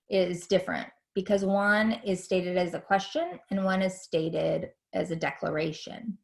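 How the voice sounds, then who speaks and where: Slow, gravelly-voiced woman lecturing. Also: medium pitch. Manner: chatty, hesitant with many fillers. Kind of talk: online lecture.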